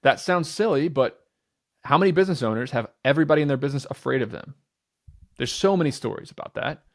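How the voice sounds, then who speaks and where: A man's voice: mid-range voice, expressive, quick pace. A man in his thirties, a podcast guest in casual conversation, who talks with energy and emphasis, often repeating phrases, restarting his sentences and swearing casually. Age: 30s.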